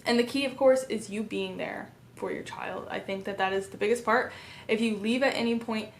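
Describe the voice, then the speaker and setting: A woman in her thirties calmly explaining a baby sleep method, earnest and step by step. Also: on the high side, fairly quick, a little hiss or hum. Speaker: parenting educator. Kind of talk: instructional talk to camera.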